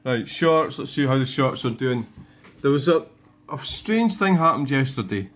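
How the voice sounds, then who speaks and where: A man talks through updates on his own channel in a loose, digressive way, tossing in dry asides as he goes. His pitch sits in an ordinary middle range. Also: lively intonation, moderate pace, a bit bright. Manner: rambling, wry, digressive. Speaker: vlogger. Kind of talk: casual commentary on own channel.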